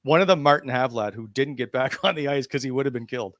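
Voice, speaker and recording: A man's voice: medium pitch, fast, fairly bright tone, no echo, clean studio sound. A man hosting a hockey talk show, leading the discussion and putting questions to the other panelists. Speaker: sports talk show host.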